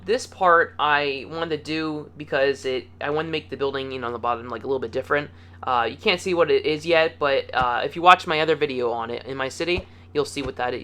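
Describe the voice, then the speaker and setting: A man's voice: mid-range voice, pushed and bright. A man hosting a casual video game building tutorial, upbeat and chatty, counting blocks aloud as he goes. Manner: upbeat and chatty, playful words, easygoing.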